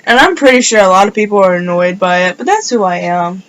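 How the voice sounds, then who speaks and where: In a rough recording with a bit of hiss or hum, a woman tells a personal story on her casual vlog in an expressive, medium-pitched voice at a quick pace. She rambles, leaning heavily on "like" as a filler.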